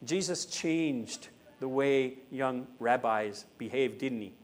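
A man preaching a sermon in a conversational way. He adds tag questions like "right?" and slowly repeats his key lines for emphasis. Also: mid-range voice.

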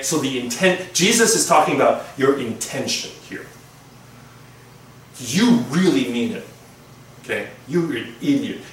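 A man preaching a conversational sermon, pausing and restarting as he explains his points. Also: medium pitch, fairly bright tone, a little hiss or hum. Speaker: pastor. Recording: echoey room from far off.

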